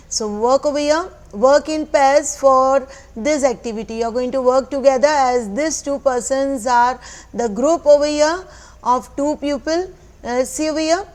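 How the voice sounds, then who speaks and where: High-voiced Indian woman teaching a class. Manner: patient, explanatory, repeats phrases, mixes in Hindi. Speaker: school teacher. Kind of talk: recorded online class lesson.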